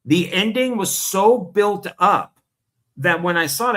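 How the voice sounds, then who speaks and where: A man co-hosting a casual movie haul show, making joking, teasing deadpan asides. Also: high voice, a little slow. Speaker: co-host of a physical media haul show. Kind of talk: casual chat.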